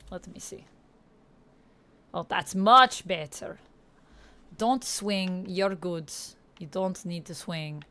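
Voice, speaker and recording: A woman's voice: mid-range voice, fairly bright tone. A woman livestreaming a game on a headset mic, chatting playfully with viewers in a put-on Russian accent. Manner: playful, reads chat aloud, mock-serious. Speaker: gaming livestreamer. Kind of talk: casual livestream chat.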